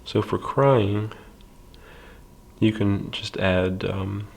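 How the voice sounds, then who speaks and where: A man teaching a library drawing lesson step by step, calm and patient, with many fillers and soft half-whispers while he draws. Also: lowish voice, drawn-out words, creaky.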